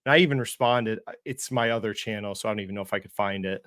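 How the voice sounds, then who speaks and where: A man's voice: fairly low pitch, fast, a bit bright, dry recording, clean studio sound. A man co-hosting an investing livestream, ranting with sarcasm, swearing and mocking impressions. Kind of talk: heated casual chat.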